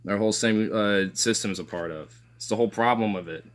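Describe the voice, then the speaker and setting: A streamer with a lowish voice, talking a little fast, rants casually about politics. He rambles, swears and fills his speech with filler words, sarcastic asides and scoffing laughs.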